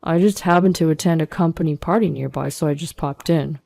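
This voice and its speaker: A woman's voice: deep voice, brisk, gravelly, warm tone. A woman putting on a sneering smug ex-husband. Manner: sneering, mocking. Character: smug arrogant ex-husband, adult man.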